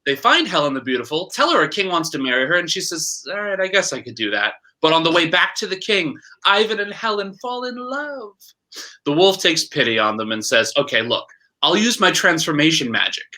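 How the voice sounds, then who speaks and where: A man tells a fairy tale in a brisk, chatty manner, laughing easily. His voice sits a little high and rings very bright and forceful. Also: sing-song. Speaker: storyteller. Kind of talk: casual fairy-tale retelling.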